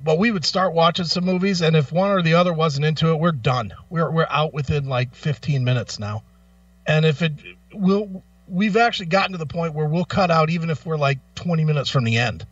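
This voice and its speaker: A man's voice: on the high side, fairly bright tone, dry recording, far from the mic, lo-fi sound. A man co-hosting a live radio show, chatty and joking. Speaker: radio co-host. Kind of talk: casual banter on live radio.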